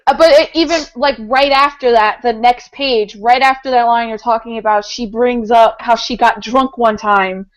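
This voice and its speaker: A woman's voice: on the high side, steady tone, normal speed, few pauses, poor audio. A woman co-hosting a casual podcast, talking enthusiastically about a comic book, laughing often and filling her speech with "like" and "um". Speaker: podcast co-host.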